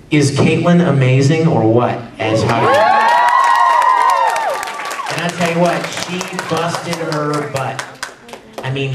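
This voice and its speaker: A man speaking on a live convention panel, lively and chatty, now and then acting out character lines and yells. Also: medium pitch. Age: adult, no longer sounds young. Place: large convention hall with audience. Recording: echoey hall taped from far off with crowd.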